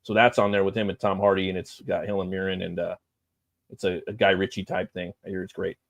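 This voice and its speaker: Low-voiced, profane man hosting a stream. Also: level tone, quick pace, no echo. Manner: loose, profane, rambling with fillers. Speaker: livestream host. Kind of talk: casual live-stream chat.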